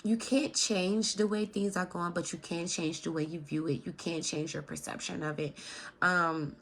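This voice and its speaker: A woman's voice: lowish voice, fairly even intonation, normal speed, a bit bright. A woman in her thirties giving a casual, affectionate tarot card reading and talking straight to viewers, with a chatty manner. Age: 30s.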